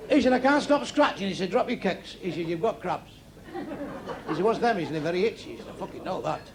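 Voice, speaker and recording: A man's voice: high-pitched, lively intonation, background noise. A man with a Manchester accent doing blunt, crude stand-up jokes, acting out the people in them, recorded live on a club stage. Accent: Manchester English. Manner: crude, blunt, quick punchlines, acts out characters in dialogue. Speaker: stand-up comedian. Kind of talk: stand-up joke telling. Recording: live club show with crowd laughter. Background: audience laughing.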